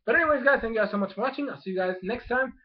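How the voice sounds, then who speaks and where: A young man recapping an anime episode as a vlogger, gushing with excitement and acting out the characters' lines in bursts. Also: very high voice, very fast, lo-fi sound, slight background noise. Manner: hyped, gushing, acts out quotes in bursts.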